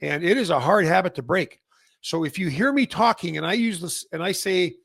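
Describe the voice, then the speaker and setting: Middle-aged male host from Canada, gravelly tone, rambling chatty delivery, dry recording. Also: high voice, a little fast, a bit bright, no room sound. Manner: rambling, many fillers and restarts. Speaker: massage chair retailer and host. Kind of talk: casual industry update monologue.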